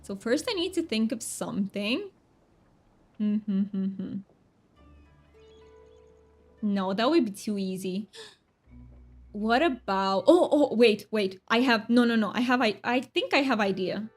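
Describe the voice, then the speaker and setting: Scattered, chatty woman streamer, high-pitched. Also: animated, unhurried, long pauses, soft background music. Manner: scattered and self-interrupting, repeats words often. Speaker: live streamer. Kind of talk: casual live-stream chat while drawing.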